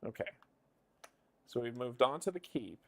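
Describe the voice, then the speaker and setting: A man's voice: mid-range voice, lively intonation, normal speed, fairly bright tone. Man thinking aloud over a board game. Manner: muses and counts moves under his breath. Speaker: live streamer playing a board game. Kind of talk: casual live-stream thinking aloud.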